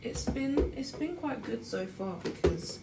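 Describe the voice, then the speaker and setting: A woman's voice: fairly high pitch, expressive, measured pace, gravelly. A young woman in her twenties, chatting casually to viewers while she cooks. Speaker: student vlogger. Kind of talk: casual chat while cooking. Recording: loud background noise.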